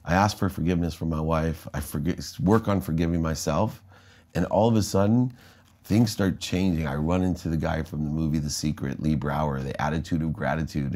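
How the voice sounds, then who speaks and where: Deep-voiced American man telling his story. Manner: animated storyteller, acts out quoted voices. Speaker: interview guest, entrepreneur. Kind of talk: candid storytelling in conversation.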